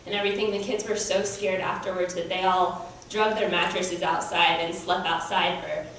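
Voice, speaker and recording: A woman's voice: on the low side, steady tone, moderate pace, fairly bright tone. A woman gives an earnest church testimony, hesitating often. She sounds distant in a large reverberant hall, with faint background noise. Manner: earnest, many um fillers. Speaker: mission team member. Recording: echoey hall from far off.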